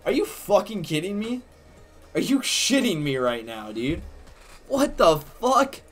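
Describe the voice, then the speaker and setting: A man plays a competitive game while giving live commentary full of profanity and trash talk, swinging between rage and jokes. His voice is a little high, very animated, and at normal speed, with soft music in the background.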